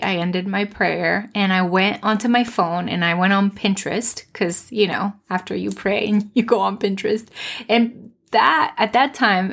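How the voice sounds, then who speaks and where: A woman hosting a faith podcast, telling a personal testimony in an earnest, heartfelt way with soft, tender pauses. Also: mid-range voice, creaky. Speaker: podcast host.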